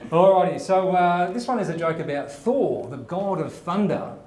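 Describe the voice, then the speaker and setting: A man's voice: high-pitched, normal speed, background noise. Man, comedy show host, joke-telling, laughs along, echoey room, faint background ambience. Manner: chatty, laughs at his own jokes. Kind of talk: live comedy show hosting, telling jokes.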